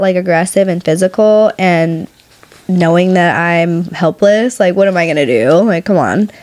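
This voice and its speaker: A woman's voice: mid-range voice, a little mellow. A young woman with a mid-range voice, co-hosting a casual podcast. She talks frankly and crudely about what happened to her, in a candid, confessional way. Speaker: podcast co-host. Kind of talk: casual storytelling chat.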